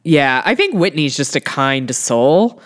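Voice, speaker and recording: Low-voiced woman in her 30s, easygoing agreeable co-host. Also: big pitch swings, measured pace. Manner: agreeable, casual, drawls with fillers. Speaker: podcast co-host. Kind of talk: casual chat about reality TV.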